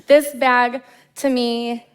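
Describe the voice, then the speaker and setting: A woman's voice: fairly high pitch, level tone, very slow, clean tone. A woman in her thirties with a Midwestern American accent, telling a personal story in a sermon from a church stage, with casual fillers. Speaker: guest preacher.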